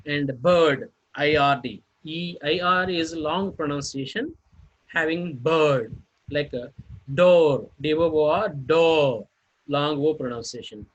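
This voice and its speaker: A man teaching a phonetics lesson, spelling out words letter by letter and pausing often on fillers. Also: a little high, dull audio. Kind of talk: phonetics lecture.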